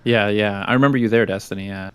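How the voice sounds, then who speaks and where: A man's voice: fairly low pitch, steady tone, fast, smooth. A man chatting on a stream call with friends, teasing and needling them. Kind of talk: casual chat on a voice call.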